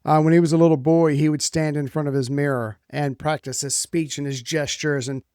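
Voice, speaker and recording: A man's voice: a little high, little pitch movement, brisk, a little mellow, clear, resonant tone, no echo, clean studio sound. A man co-hosting a history podcast who talks bluntly and jokes, with casual swearing. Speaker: podcast co-host.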